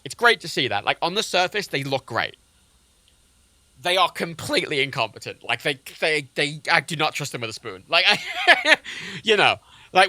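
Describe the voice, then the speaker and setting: A man's voice: fairly high pitch, pushed and bright, no echo. A man livestreaming a flight game, ranting sarcastically about local politics with lots of swearing. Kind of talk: casual gaming-stream rant.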